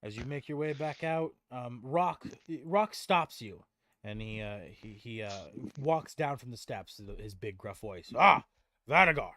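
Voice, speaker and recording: Man, game master, rambling narration, mid pitch, dry sound. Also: expressive, a little slow, no echo. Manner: rambling, many fillers and restarts.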